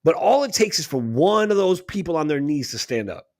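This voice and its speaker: A man's voice: on the high side, big pitch swings, a little fast, darkish tone. A man co-hosting a radio talk show, talking in an emphatic, preachy way and often tossing in "right?". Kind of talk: casual spiritual talk.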